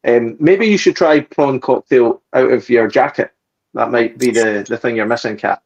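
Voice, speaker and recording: A man joins a casual live-stream chat as a guest. His humour is dry and quick. His audio sounds dull and lo-fi. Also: mid-range voice, slightly rough. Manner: dry, wisecracking. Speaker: guest, spirits manager.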